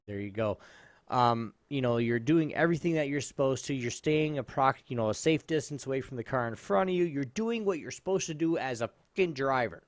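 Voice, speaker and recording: Animated, swearing man telling a story. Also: medium pitch, no echo. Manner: animated storytelling, swears freely, laughs often. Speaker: podcast co-host. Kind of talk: casual comedic podcast chat.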